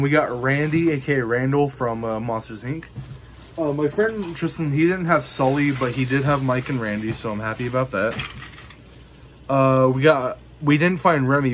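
A man's voice: medium pitch, a little hiss or hum. A man casually showing off his collection to the camera, rambling with lots of ums and you-knows. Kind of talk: casual show-and-tell.

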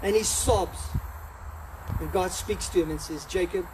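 Animated high-voiced man preaching from afar. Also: a little slow, distant mic, noisy background. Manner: animated, acts out the story in voices. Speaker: pastor. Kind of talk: sermon. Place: church hall.

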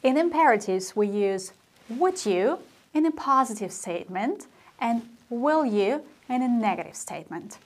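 A woman teaching a grammar lesson, explaining slowly and deliberately with spoken example sentences. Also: on the high side, expressive. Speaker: language teacher.

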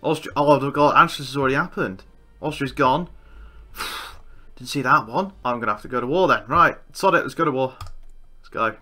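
A man commentating a strategy game he is playing, excitable and swearing, with outbursts of disbelief. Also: mid-range voice, moderate pace, pauses often, soft background music. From England. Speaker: gaming YouTuber. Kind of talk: Let's Play commentary.

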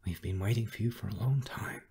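A man narrating an audiobook, voicing a frightened old civilian man who talks in a hushed, trembling way. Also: medium pitch, lively intonation, moderate pace, creaky, husky, full character voice.

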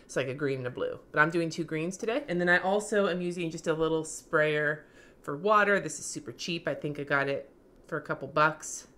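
Low-voiced casual woman crafting vlogger. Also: a little fast, fairly bright tone. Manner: casual, slangy, cusses freely. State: voice going hoarse. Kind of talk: casual tutorial chat.

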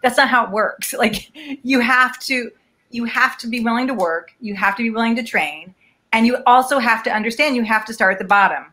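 A woman casting director speaks over a video call with a bright, forceful tone. She gives emphatic, upbeat advice to aspiring actors. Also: on the high side, fairly quick. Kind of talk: video call interview answers.

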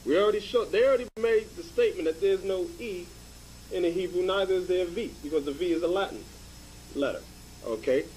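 A man's voice: high voice, quick pace, darkish tone, a little hiss or hum, rough recording. A man giving informal Bible teaching, emphatic and repetitive, often checking with "okay?". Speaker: religious teacher.

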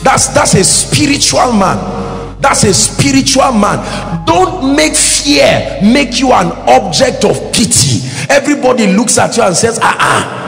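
Male preacher, high lively voice with gravel, echoey church hall with soft music behind. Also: a little slow. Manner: animated, call-and-response preaching with acted quotes. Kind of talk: sermon.

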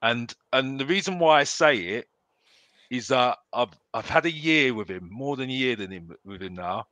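A man's voice: medium pitch, animated, moderate pace, bright, forceful tone, no echo. A man chatting casually as a fan panelist, rambling with many restarts and repeated phrases.

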